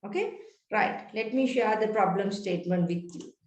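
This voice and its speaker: A woman's voice: mid-range voice, normal speed. A woman lecturing in an online lesson, patiently repeating key points and checking in with frequent "right?" tag questions, heard through a computer mic on a video call. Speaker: university lecturer. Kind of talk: online research methods lesson. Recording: roomy echo.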